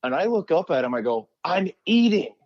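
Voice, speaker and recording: Guy guest on a podcast, lively storyteller doing the voices, muffled lo-fi sound. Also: medium pitch, fast. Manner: animated storyteller acting out quotes. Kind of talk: casual chat.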